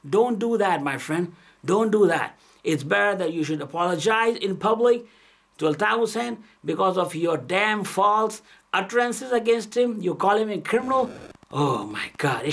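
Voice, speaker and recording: Man, higher-pitched and gravelly, scolding and combative political rant. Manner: aggressive, scolding, repetitive. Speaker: political commentator.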